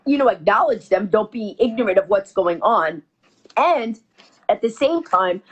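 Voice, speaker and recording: A woman telling a comic story as an interview guest, fast and lively with punchy delivery. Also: mid-range voice, husky, highs cut off. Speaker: guest comedian.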